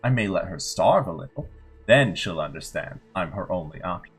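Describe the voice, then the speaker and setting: A man's voice: low voice, lively intonation, moderate pace, soft background music, pitched below the performer's own voice. A man reading as an obsessive vampire diarist. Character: obsessive male vampire writing a diary. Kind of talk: reading a diary aloud.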